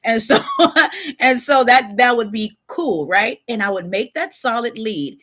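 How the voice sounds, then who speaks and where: A woman with a fairly high voice, chatting on a live stream in a Californian American accent. She talks to her viewers in an animated, conversational way and breaks off to address them directly. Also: a little slow. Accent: Californian American English. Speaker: webcam model giving advice on a live stream. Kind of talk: casual live-stream talk.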